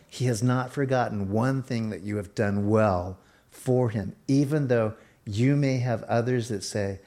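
A man's voice: medium pitch, a little slow, warm tone. A male pastor preaching a sermon in an emphatic style, pressing his listeners and shifting his pace.

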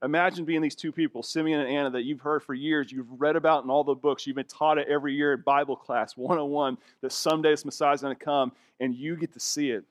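A man's voice: a little high, fairly even intonation, quick pace, hardly any pauses, no room sound. Emphatic male pastor, dry close sound. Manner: conversational, emphatic preaching with rising bursts. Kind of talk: sermon.

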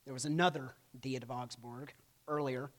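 A man's voice: mid-range voice, steady tone, normal speed, fairly bright tone. Man lecturing, "right?" after each point. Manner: casual, peppers lines with "right?"; acts out quotes in playful voices. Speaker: church history teacher. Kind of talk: classroom lecture.

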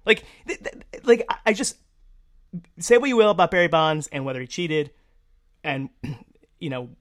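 A woman's voice: sits low, lively intonation, moderate pace. A woman co-hosting a sports podcast, ranting casually with lots of fillers and restarts. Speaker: podcast co-host.

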